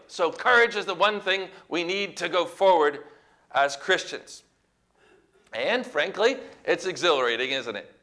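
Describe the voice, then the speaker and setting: A male preacher's high, bright, forceful voice carries his emphatic sermon, building to loud exclamations. He has the congregation repeat words back to him.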